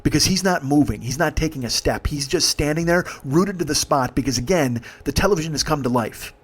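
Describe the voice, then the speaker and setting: A man's voice: fairly high pitch, expressive, a little fast, husky. A man in his forties telling a true story in a comedic podcast monologue, profane, intense and confessional. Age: 40s.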